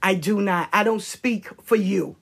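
A woman with a gravelly, husky voice speaks unhurriedly as a spiritual practitioner on a live stream. She is profane, heated and confrontational, alternating between shouts and low, pointed remarks.

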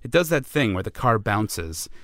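A man reading the action lines of his own comedy script, with wry deadpan asides. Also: on the low side, moderate pace, gravelly, no room sound, clean studio sound. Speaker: script writer and narrator.

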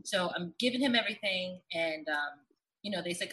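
A woman's voice: on the low side, lively intonation, fairly quick, bright, forceful tone, a little hiss or hum, rough recording. A woman actress as a guest in an interview, telling a story earnestly with many fillers. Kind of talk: casual interview chat.

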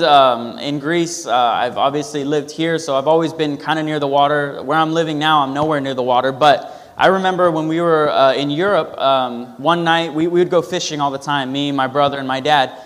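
A man's voice: on the high side, fairly bright tone, big-room sound. A male pastor giving a sermon, telling a personal story in a loose, conversational way with fillers and restarts.

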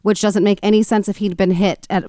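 A woman co-hosting a podcast and telling a true-crime story in a chatty, animated way with frequent restarts. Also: medium pitch, brisk, no room sound, studio quality. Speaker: podcast co-host.

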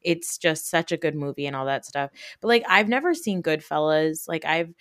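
A woman in her thirties with a New Jersey accent, hosting a podcast in animated, casual chat full of fillers and swearing. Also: deep voice, normal speed, no room sound, studio quality. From North Jersey, USA. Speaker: podcast host.

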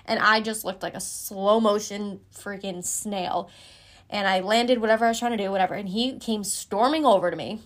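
A woman's voice: mid-range voice, moderate pace. A woman in her twenties frankly telling a personal story as a podcast host, casual and swearing freely.

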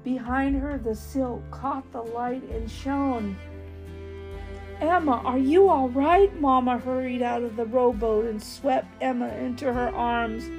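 A woman reading a children's storybook aloud, expressive with dramatic pauses. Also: fairly high pitch, gravelly, faint music behind.

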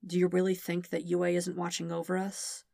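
A woman voicing a calm young prince who speaks softly and steadily to reassure. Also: lowish voice, moderate pace, gravelly, no room sound, studio quality. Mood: reassuring.

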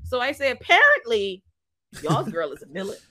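A woman chatting on a podcast panel, telling profane, slangy stories that swing from low asides to loud laughing shouts. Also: wildly swooping pitch, normal speed, no echo. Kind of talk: casual podcast chat.

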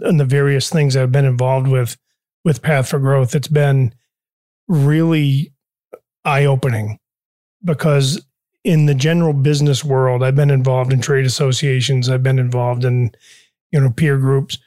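Older man with dry, halting humor. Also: mid-range voice, steady tone, warm tone, dry recording. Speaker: business owner guest. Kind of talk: casual interview chat.

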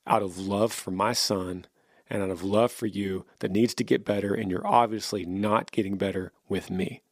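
A man's voice: on the low side, fairly even intonation, moderate pace, no echo, studio quality. A man hosting a podcast, giving heartfelt advice to a listener and often repeating and restarting his words. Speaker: podcast host answering listener questions. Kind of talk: earnest advice talk.

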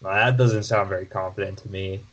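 A man's voice: low-pitched, fairly even intonation, brisk, muffled recording. A man giving a casual, filler-heavy sports update as a podcast co-host. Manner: conversational, frequent fillers and restarts.

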